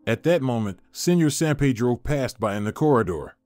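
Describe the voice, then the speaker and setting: A man narrating a scripted story in a measured, storytelling manner. His pitch moves freely across a wide range, recorded close and dry, with soft music playing underneath. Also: animated, no echo. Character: Antonio, a smitten man, calm and professional.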